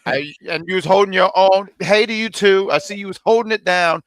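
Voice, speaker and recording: A man joining a show as a guest, talking in a loud, jokey way. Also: high-pitched, a little fast, no echo. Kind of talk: casual chat.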